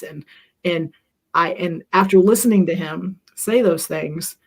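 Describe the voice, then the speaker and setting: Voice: medium pitch, fairly even intonation, unhurried, a little mellow. A middle-aged co-host speaking earnestly in a rambling, self-deprecating way, with plenty of fillers, about being a parent. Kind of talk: reflective conversational talk.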